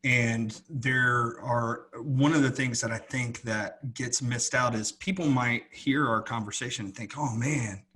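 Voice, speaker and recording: A man's voice: medium pitch, steady tone, measured pace, few pauses, sharp tone. A man co-hosting a podcast, talking earnestly in a casual, rambling way with many restarts. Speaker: podcast co-host. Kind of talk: casual chat.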